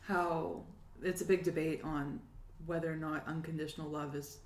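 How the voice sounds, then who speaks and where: A woman's voice: deep voice, steady tone, moderate pace, reverberant, slight background noise. A young woman co-hosting a podcast, telling stories in casual chat and laughing often. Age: young adult. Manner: chatty storytelling, laughs often. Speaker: podcast co-host.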